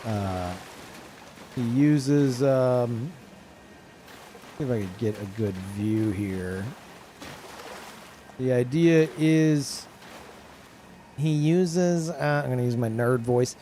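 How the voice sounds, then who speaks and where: A man's voice: mid-range voice, slow, pauses often, mellow, slight background noise. A young man chatting casually to his live chat in a rambling way, full of fillers and restarts. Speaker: streamer.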